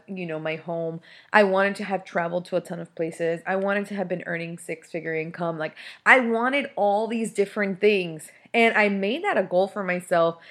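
Thirties woman host, solo podcast rant, mid-pitched and heated. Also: fairly bright tone. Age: 30s. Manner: heated, venting, frequent fillers and restarts. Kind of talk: casual solo podcast talk.

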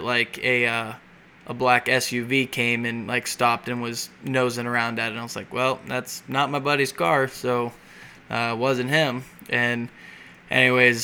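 A man telling a story in a relaxed way in a casual podcast chat, quoting both sides of a phone call. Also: mid-range voice, clean tone. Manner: relaxed storyteller, quotes others in dialogue.

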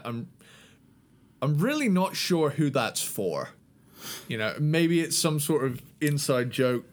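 A man's voice: fairly high pitch, sing-song, soft background music. A man chatting casually as podcast co-host, reviewing an album with wry asides and frequent laughter. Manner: laughing often, unhurried, wry. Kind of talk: casual music review chat.

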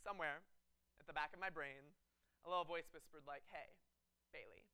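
Young guy preaching, highish voice, super clear, laughs a lot, lots of "like"s. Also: fairly quick. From Texas. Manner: animated, laughing often, many fillers. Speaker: student pastor. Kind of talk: humorous sermon storytelling. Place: church before a live congregation.

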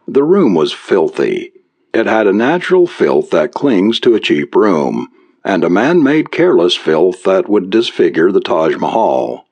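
A man narrating an audiobook in a measured, expressive reading. His voice sits very low yet moves in lively swings of pitch. He lets descriptive passages unfold at a steady storytelling pace. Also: highs cut off.

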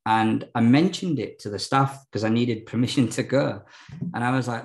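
A man's voice: mid-range voice, a little fast, creaky, poor audio. A man, a podcast guest telling his story candidly, rambling with lots of fillers and restarts.

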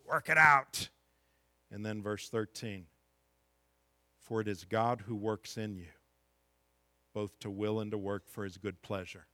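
A man's voice: fairly low pitch, flat delivery, a little slow, pauses often, darkish tone, no echo. A middle-aged man preaching a sermon as pastor, reading scripture and building to impassioned, emphatic peaks.

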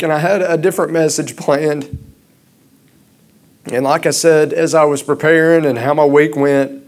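A man preaching a sermon, starting out halting and rambling, then growing louder and impassioned. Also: fairly high pitch.

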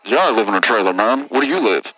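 A man's voice: fairly low pitch, lively intonation, sharp tone, no room sound, voice pushed down, poor audio. A man voicing a crude, hotheaded trucker from Texas in a comedy call-in sketch, ending his lines with "man". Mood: angry. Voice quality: drawling, ends lines with "man", quick to threaten. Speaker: caller in a sketch.

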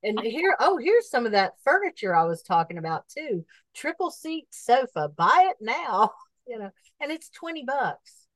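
A woman's voice: on the high side, very animated, normal speed, no echo, poor audio. A woman co-hosting a podcast in easygoing casual chat, laughing often and reading out listings. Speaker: podcast co-host.

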